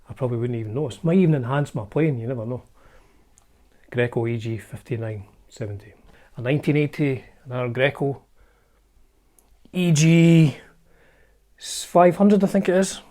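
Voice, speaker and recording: A man's voice: mid-range voice, mellow. A Scottish man hosting a casual show-and-tell vlog, chatty and wry, often hedging his facts as he talks. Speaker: channel host showing his guitar collection.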